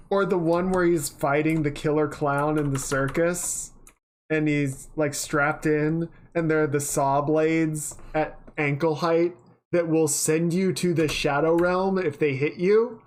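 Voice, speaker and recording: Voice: mid-range voice, measured pace. A livestreamer in casual chat while working, rambling and chatty, swearing offhandedly now and then.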